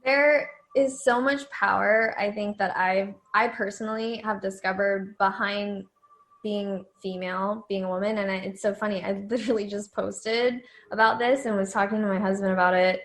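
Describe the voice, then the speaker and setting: A woman guest on a podcast talking in a passionate, animated way. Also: medium pitch, moderate pace. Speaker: guest, former pro dancer. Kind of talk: impassioned conversation. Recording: echoey room.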